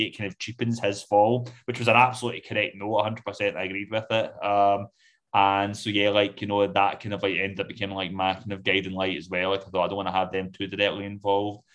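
A man's voice: lowish voice, flat delivery, fast talker, fairly bright tone. A man from the UK, a guest in a casual interview, talking loosely with many fillers. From United Kingdom. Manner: rambling, many fillers like "like, you know". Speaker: guest author.

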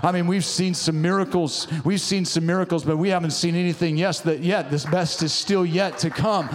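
A man delivers a sermon with fervent, exhorting energy, urging his listeners on again and again. His voice sits a little high for a man. The sound carries a long reverb from a large church hall. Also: fairly even intonation, moderate pace. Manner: fervent, exhorting, often calls out "come on". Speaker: preacher.

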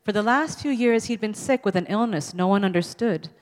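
A woman author reading her own story aloud at a public event, expressive and amused. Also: mid-range voice, fairly quick. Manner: expressive, amused, laughs between lines. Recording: long hall reverb.

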